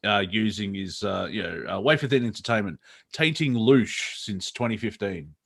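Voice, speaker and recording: A man's voice: on the low side, lively intonation, moderate pace, vocal fry. Man, comedy co-host, casual banter, frequent laughs, rambling delivery. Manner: laughs often, rambling with restarts.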